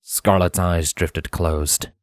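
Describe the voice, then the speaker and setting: A man reading a fan story aloud in dramatic, expressive audiobook narration. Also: low-pitched, slow, dry recording, studio quality. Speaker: fanfiction reader.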